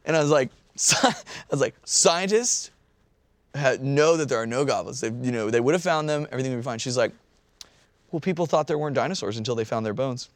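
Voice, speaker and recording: A man in his thirties telling a story in casual chat, animated and swearing, often breaking into laughter. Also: medium pitch, fast, no room sound.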